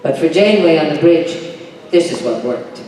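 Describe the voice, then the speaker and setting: A woman's voice: low-pitched, animated, moderate pace, dark tone. A woman answering fan questions on a convention stage, with a theatrical and emphatic delivery. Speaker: convention panel guest. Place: large convention hall stage. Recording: echoey hall from far off, crowd.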